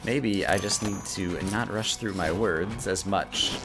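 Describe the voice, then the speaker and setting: A man giving casual let's-play commentary, talking fast, tripping over his words and getting excitable, with game music behind him. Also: low-pitched. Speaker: gaming video host.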